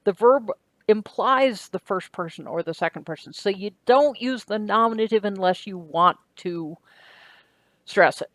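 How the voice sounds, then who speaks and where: A woman with a mid-range voice speaks unhurriedly in a recorded Greek grammar lecture with no echo. She explains things step by step, asks "right?" now and then, and corrects herself as she goes.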